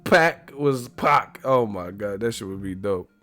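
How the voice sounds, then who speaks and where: A man hosting a casual live stream, loud and profane, laughing and joking with his viewers. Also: lowish voice, animated, measured pace, soft background music.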